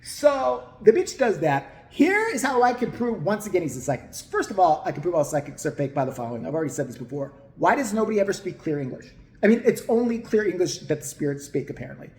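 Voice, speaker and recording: Brief: crude, heated man in his forties, animated pitch, ranting in an echoey room. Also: fast, hardly any pauses. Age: 40s. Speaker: commentary vlogger. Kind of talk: profane ranting commentary. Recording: roomy echo.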